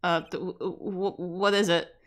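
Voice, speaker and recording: A woman voicing a young male defense lawyer from a game as a drowsy, halting mumbler. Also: fairly low pitch, steady tone, pitched below the performer's own voice, natural voice. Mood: sleepy.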